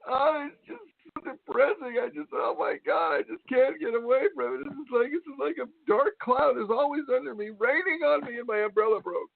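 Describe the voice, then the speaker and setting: A man doing a high, weepy, whining complainer. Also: fairly quick, creaky, no room sound, exaggerated voice. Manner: high sobbing whine. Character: whiny self-pitying complainer, weepy and dramatic. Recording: tinny phone line, dry.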